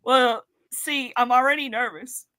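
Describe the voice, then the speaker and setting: A woman with a bright, fairly high voice chats casually, telling stories in an excitable, giggly way. She co-hosts a podcast. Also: measured pace. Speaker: podcast co-host. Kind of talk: casual chat.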